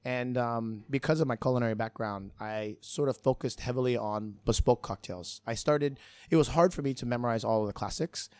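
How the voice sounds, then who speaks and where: A middle-aged man, a bartender, telling his story in a relaxed, rambling way with frequent restarts. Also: medium pitch, fairly quick, dry recording. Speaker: bartender guest. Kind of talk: casual storytelling in an interview.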